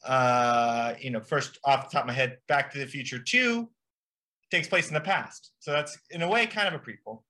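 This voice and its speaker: A man's voice: mid-range voice, normal speed, sharp tone. A young man co-hosting a comedy podcast, explaining nonsense like a mock expert with rambling, filler-laden speech. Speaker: podcast co-host. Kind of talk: improvised comedy podcast chat.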